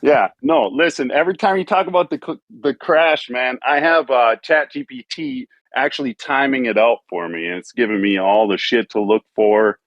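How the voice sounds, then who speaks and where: A man's voice: medium pitch, moderate pace, hardly any pauses, no echo, lo-fi sound. A man co-hosting a podcast, rambling and joking with plenty of swearing. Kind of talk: casual chat.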